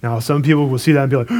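A man preaching a sermon, retelling a parable in a conversational, animated way with casual asides. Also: medium pitch. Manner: storytelling, animated retelling with acted quotes.

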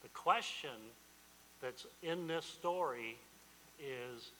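A man's voice: mid-range voice, animated, a little slow, pauses often, pushed and bright, a little hiss or hum. Emphatic preaching man in an echoey hall. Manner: repetitive, emphatic preaching with restarts. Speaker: pastor. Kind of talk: sermon.

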